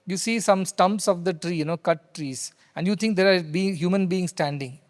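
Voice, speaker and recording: A man's voice: sits high, normal speed. A male spiritual teacher, telling a story in a discourse to devotees in a hall. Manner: animated storyteller who repeats key phrases. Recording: reverberant hall sound.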